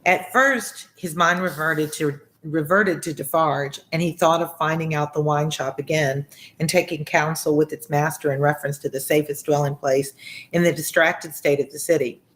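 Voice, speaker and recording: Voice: medium pitch, steady tone, moderate pace, fairly bright tone. A tutor reading a classic novel aloud and breaking off for casual explanations, with frequent fillers. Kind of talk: read-along with commentary.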